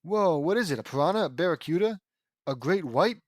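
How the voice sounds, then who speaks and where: An eager young boy, read by a man in a voice only slightly raised from his own, excitable and quickly let down. The audio is dry and close-miked. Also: fairly high pitch, dry recording. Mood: excited.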